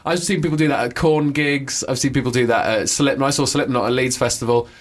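Teasing, joking English man. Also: medium pitch. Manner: teasing, quick jokes, mock voices. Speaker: podcast co-host. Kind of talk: casual comedic chat.

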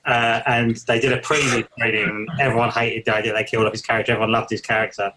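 A man's voice: mid-range voice, little pitch movement, fast, sharp tone, rough recording. A man co-hosting a casual film podcast, telling anecdotes with hedges and acting out quotes. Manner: anecdotal, hedging, acts out quotes. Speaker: podcast co-host.

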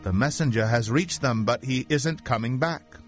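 Man voicing a tower lookout, plain reporting, middle pitch, faint music. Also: moderate pace, natural voice. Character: watchful male lookout on a tower.

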